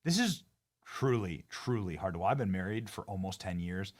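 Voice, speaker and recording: Animated, mocking male commentator. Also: normal speed. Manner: mocking, indignant, swings between loud outbursts and low asides. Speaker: political commentary host. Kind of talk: reaction commentary on a video clip.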